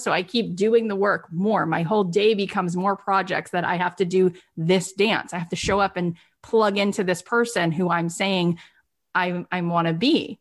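A woman business coach on a group coaching call, talking emphatically and repeating rhetorical questions. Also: mid-range voice.

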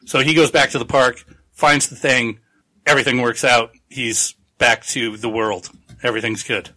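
A man hosting a relaxed book podcast, retelling a novel's plot in a loose, rambling way, full of profanity and acted-out asides. His voice is bright and forceful, at an ordinary male pitch. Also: normal speed. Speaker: podcast host. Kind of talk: casual book-discussion podcast.

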